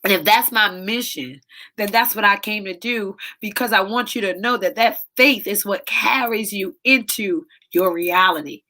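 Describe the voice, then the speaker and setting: A woman's voice: mid-range voice, moderate pace, pushed and bright. A woman hosting a live inspirational talk as a soul coach, speaking with preachy, emotional repetition and close to tears. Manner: preachy, emotional, repeats phrases for emphasis.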